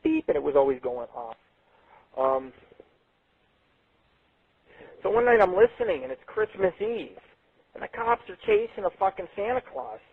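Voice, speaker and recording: Husky-voiced man hosting a tinny radio show. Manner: profane, rambling, with sudden jumps in pitch. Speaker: internet radio show host. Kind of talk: rambling late-night radio storytelling. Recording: tinny phone-like sound.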